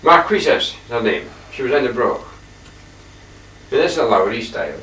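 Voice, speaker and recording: An older man talks his halting, wandering way through his paintings, often clearing his throat. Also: medium pitch, lively intonation, bright, forceful tone. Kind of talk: rambling casual reminiscence. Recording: echoey room, distant mic, faint hiss.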